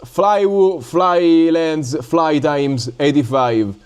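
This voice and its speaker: A man from Italy with an Italian accent, chatting casually and haltingly on a live stream while building drones, with many fillers and stops. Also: fairly high pitch, expressive, smooth. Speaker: drone hobby livestreamer.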